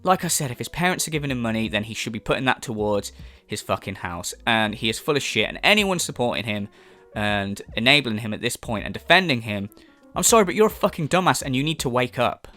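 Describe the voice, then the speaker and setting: A man's voice: medium pitch, big pitch swings, quick pace, sharp tone, soft background music. Exasperated, profane ranting man. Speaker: commentary channel host. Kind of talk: ranting commentary vlog.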